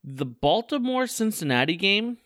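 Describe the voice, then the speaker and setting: A young man co-hosting a casual sports podcast, animated and quick to laugh, tripping over his words when he gets excited. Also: sits high, no echo, studio quality. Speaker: podcast co-host.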